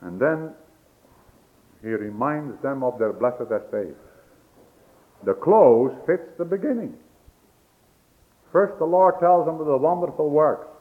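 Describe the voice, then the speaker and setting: A man preaching with a raised, fairly high voice that swoops through a wide range, climbing to emphatic peaks. His delivery is folksy, with homely grammar slips. The recording sounds dull and lo-fi. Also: animated, measured pace, pauses often. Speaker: pastor. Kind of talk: sermon.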